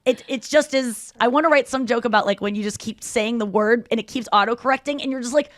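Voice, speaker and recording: A woman's voice: a little high, quick pace, no echo, clean studio sound. Chatty woman podcast host. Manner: animated storytelling, acts out quoted lines. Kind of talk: casual chat.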